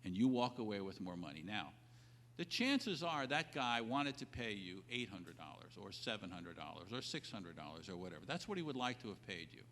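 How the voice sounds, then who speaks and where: A man giving animated business advice, stressing key points over and over and acting out both sides of a deal. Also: lowish voice, a little fast, a little hiss or hum. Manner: emphatic, repeats key points. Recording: reverberant old audio recording.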